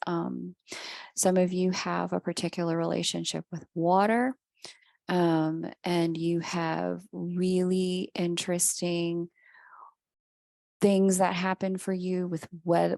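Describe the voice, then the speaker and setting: A woman's voice: lowish voice, gravelly, a little mellow, no echo, studio quality. A woman giving a casual spiritual talk as an astrologer and reader, chatty, often laughing and acting out the people in her stories.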